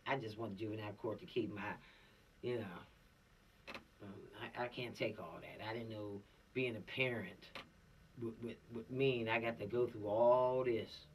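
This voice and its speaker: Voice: mid-range voice, steady tone, far from the mic, slight background noise, pitched below the performer's own voice, natural voice, low-quality recording. Instructor putting on a whiny, overwhelmed parent. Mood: helpless. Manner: whiny, halting, stammering. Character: overwhelmed parent who cannot cope with their kids.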